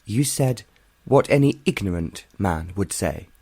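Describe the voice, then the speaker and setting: A male audiobook reader voicing a spirited, quick-tempered young woman who answers with sharp, scornful retorts. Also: lowish voice, lively intonation, husky, dry recording, full character voice.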